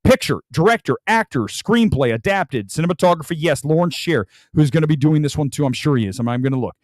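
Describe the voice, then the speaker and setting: A man's voice: fairly high pitch, animated, quick pace, a little mellow, no echo. A man hosting a live-streamed movie talk show, opinionated and rambling, talking straight to his chat. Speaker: film channel host.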